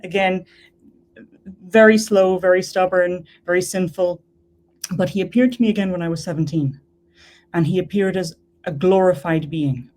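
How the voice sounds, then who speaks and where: A woman's voice: fairly low pitch, steady tone, moderate pace, a little mellow. A woman from Ireland, a guest telling her personal faith story in an earnest, emphatic way.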